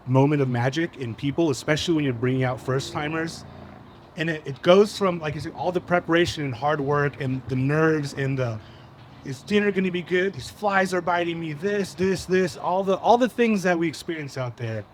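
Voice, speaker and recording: A man on a live panel telling an animated story in casual slang. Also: on the high side, normal speed, a little hiss or hum. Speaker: panel guest. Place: live event at a cafe.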